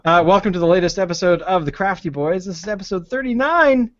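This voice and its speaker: A man's voice: high voice, fast talker, some chatter behind. A man hosting a podcast, chatting casually over beer with a playful, joking manner, on muffled lo-fi audio. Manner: playful and joking, hosts the show. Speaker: podcast co-host.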